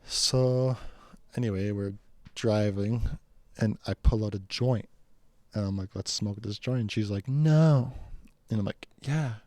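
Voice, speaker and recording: A man tells a casual personal story in a chatty, rambling way, acting out the people in it. His voice sits low and mellow. The recording is dry and close. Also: steady tone, measured pace, no room sound.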